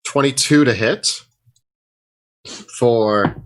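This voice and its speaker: A man's voice: mid-range voice, drawn-out words. A man playing a character in a tabletop game, describing his moves and thinking aloud. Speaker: player.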